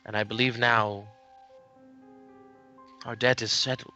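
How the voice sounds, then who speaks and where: A man voicing a courteous, mysterious stranger from the woods in a tabletop game, speaking formally and slowly. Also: mid-range voice, level tone, sharp tone, muffled recording, faint music behind.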